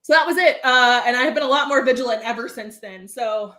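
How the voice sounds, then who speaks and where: A woman's voice: on the high side, brisk. A woman from Southern California, a livestream guest telling a story and acting out the voices of the people in it. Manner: animated, acts out quoted voices.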